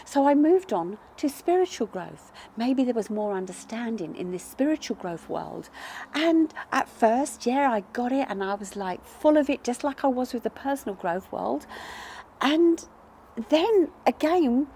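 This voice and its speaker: A woman's voice: on the high side, sing-song, measured pace, mellow, a little hiss or hum. A woman vlogger telling a personal story in an earnest, reflective way, asking herself many questions. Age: adult parent. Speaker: numerology vlogger.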